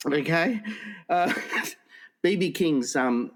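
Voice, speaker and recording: A man's voice: on the high side, expressive, drawn-out words. A man co-hosting a casual comedy podcast. He rambles through jokes and laughs at his own punchlines. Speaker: podcast co-host.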